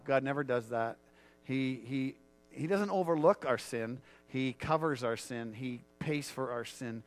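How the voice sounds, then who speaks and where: Man, pastor, earnest sermon, repeats himself, restarts phrases, middle-pitched voice. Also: moderate pace. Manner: earnest, repetitive, frequent restarts. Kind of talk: sermon and prayer.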